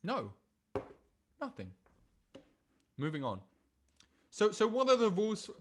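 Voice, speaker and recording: A man's voice: high-pitched, huge pitch swings, slow pace, fairly bright tone. A man teaching a dating class, blunt and profane, often stumbling and restarting his sentences. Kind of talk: live online class, reading chat aloud.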